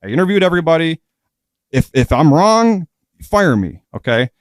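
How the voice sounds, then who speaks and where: A man's voice: on the high side, very animated, normal speed, dry recording, studio quality. A man who is a former prison officer tells a story as a guest in a casual podcast interview. His talk is blunt and profane, full of fillers.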